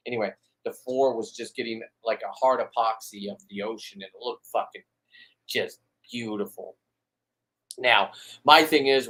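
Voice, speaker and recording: A man's voice: medium pitch, fairly bright tone. A man chatting casually as a fisherman hosting a live stream, rambling and blunt, with stammered restarts and swearing.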